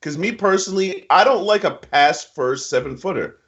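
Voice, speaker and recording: A man's voice: animated, normal speed, a bit bright. A man co-hosting casual basketball chat, giving emphatic, slangy opinions. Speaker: NBA picks co-host. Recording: muffled low-fidelity audio.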